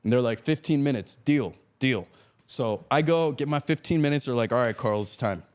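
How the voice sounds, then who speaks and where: Man, podcast guest, casual storytelling, laughs often, does voices for quotes, mid pitch. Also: normal speed. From Miami.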